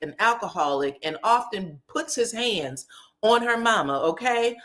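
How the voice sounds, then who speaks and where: A woman recaps a reality show in casual, slangy commentary, laughing often and tagging her lines with "okay?" and "child" for emphasis. Her voice is lowish with a fairly bright tone.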